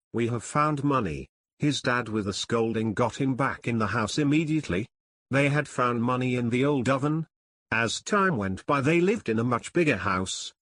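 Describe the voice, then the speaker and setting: A man reading a first-person memoir as an audiobook, telling it in an unhurried, nostalgic way. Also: medium pitch, fairly bright tone, no room sound, studio quality. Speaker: audiobook narrator.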